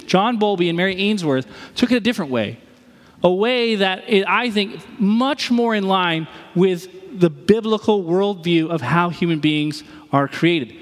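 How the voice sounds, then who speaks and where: A man's voice: sits high, a bit bright, long reverb tail. A man preaching a sermon as pastor, conversational, and he acts out the voices he quotes.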